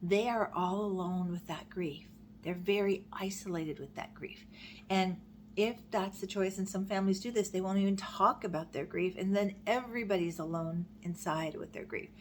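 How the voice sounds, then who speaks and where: A woman speaking about grief to her viewers in an earnest, gentle way, reading a poem aloud and often dropping to a soft whisper. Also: mid-range voice, fairly even intonation, normal speed, a little hiss or hum. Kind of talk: heartfelt talk to camera with a poem read aloud.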